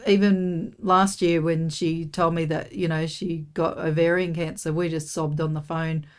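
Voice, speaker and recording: Middle-aged Australian woman, low-pitched, rambling chatty guest on a casual podcast. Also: little pitch movement, measured pace, clear, resonant tone. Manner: warm, rambling, many "you know"s. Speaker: podcast guest, host's mother. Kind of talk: casual chat.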